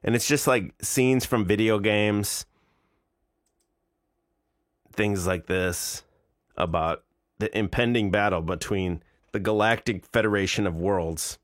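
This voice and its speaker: A man in his forties streams live, reacting to videos with casual, incredulous, mocking commentary. His voice is on the low side and slow, with frequent pauses, recorded with clean studio sound and no echo.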